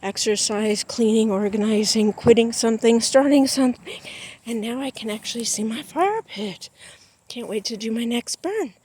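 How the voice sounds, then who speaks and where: A woman's voice: on the high side, expressive, moderate pace, a little mellow, breathy edge. A woman chatting in a folksy way to her viewers while walking laps outdoors, a little out of breath. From United States. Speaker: vlogger. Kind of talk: casual vlog chat while walking. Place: outdoors in a backyard.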